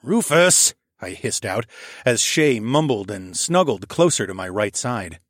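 Intimate and wry, a male audiobook narrator switches between narration and dialogue in a first-person romantic fantasy story. His fairly low voice has lively intonation and a slightly slow pace, captured in a clean studio without room sound.

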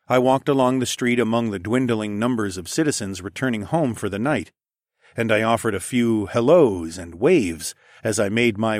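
A man narrating a first-person audiobook in a steady, even storytelling manner. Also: lowish voice, dry recording, clean studio sound.

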